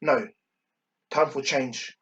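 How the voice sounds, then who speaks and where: A man's voice: medium pitch, steady tone, slow pace, a bit bright, dull audio. A man voicing a stern middle-aged male clan leader who is blunt and confrontational, often repeating himself. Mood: firm.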